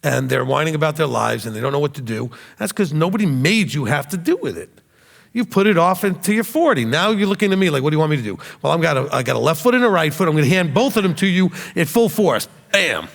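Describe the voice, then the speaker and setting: A man in his fifties giving a blunt, animated teaching, often mimicking the people he talks about. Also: on the high side, fast, creaky. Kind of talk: sermon-style teaching. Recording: long hall reverb.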